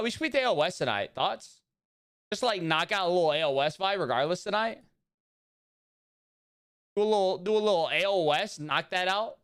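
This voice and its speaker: This young man's high-pitched, slightly bright, smooth voice comes through a dry, studio-quality recording. He rambles casually to his viewers during a gaming livestream and greets them by name.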